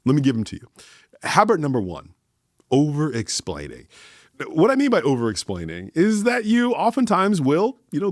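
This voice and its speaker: Deliberate man with a dry, close sound. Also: medium pitch, no room sound. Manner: deliberate, emphatic, slows down for key points. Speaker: host. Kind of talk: leadership talk.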